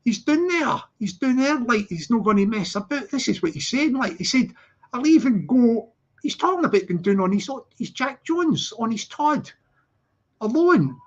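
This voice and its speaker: A man's voice: very high-pitched, sing-song, normal speed, a bit bright. A man hosting a casual live stream, rambling and repeating words as he restarts his sentences. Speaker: channel host. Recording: slightly dull lo-fi audio.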